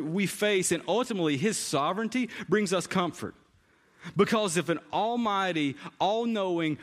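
A man preaching a conversational sermon in a church, often repeating phrases for emphasis. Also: high voice. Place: church sanctuary. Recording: long hall reverb.

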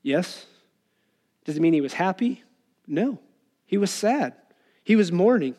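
A man's voice: high-pitched, lively intonation, a little slow, dark tone. A man preaching an earnest, conversational sermon, acting out people's complaints as he goes. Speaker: pastor.

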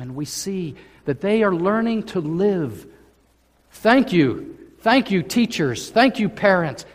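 Slow-preaching man in a reverberant church. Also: high voice. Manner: slow, emphatic preaching with drawn-out phrases. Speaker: pastor. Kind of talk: sermon. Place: church sanctuary. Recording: church hall with long reverb.

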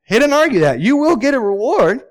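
Male pastor, high voice, emphatic preaching that repeats points and questions the congregation. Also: big pitch swings, a little fast. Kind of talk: sermon.

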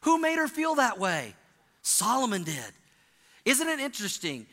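A male pastor preaching a sermon in a church, animated, calling on the congregation to repeat lines after him. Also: very high-pitched, moderate pace, long reverb tail. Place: church sanctuary.

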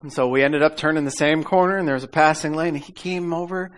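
A man's voice: on the high side, quick pace. A man preaching a casual sermon, calling out for amens and audience repeats, laughing as he tells stories. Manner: laughs often while telling stories. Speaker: pastor. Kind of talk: conversational sermon.

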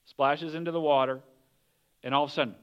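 A man with a fairly high voice preaches a sermon in a loose, conversational way, asking the listeners questions as he goes. The recording sounds dull and lo-fi. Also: steady tone, a little fast, smooth. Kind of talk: casual sermon.

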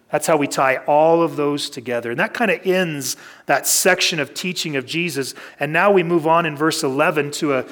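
A man preaching a sermon in a relaxed, conversational teaching style, working through a scripture passage. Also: on the high side. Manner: conversational teaching, reads scripture aloud, varied pacing. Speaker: pastor. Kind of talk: expository sermon.

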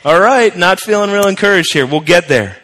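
A man's voice: high voice, animated, brisk, sharp tone, in a large hall. A male pastor preaching a sermon in a conversational, emphatic way, repeating his key phrases.

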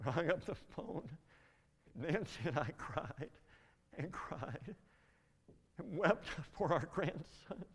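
An older man giving a spoken testimony, telling a story earnestly with halting restarts. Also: fairly high pitch, expressive, breathy edge. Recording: long reverb in a large hall.

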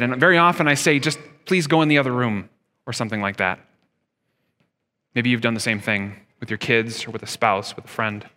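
A man's voice: medium pitch, bright, forceful tone. A man in his thirties preaching a sermon as pastor, talking conversationally and asking his listeners rhetorical questions. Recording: long hall reverb.

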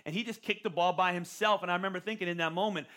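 Bright, high-voiced man preaching. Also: steady tone, racing. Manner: conversational, repeats words when starting phrases. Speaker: pastor. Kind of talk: sermon.

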